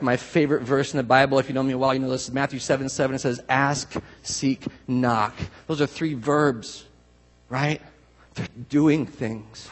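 Guy preaching, chatty and lively, husky edge, big echoey hall. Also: mid-range voice. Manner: conversational, animated, acts out quoted voices. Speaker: pastor. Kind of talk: sermon. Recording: long hall reverb.

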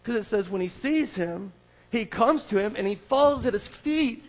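A man's voice: high voice, moderate pace, big-room sound, rough recording. A man preaching a sermon as a pastor, acting out scripture scenes with a volunteer. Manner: animated, acts out scripture scenes.

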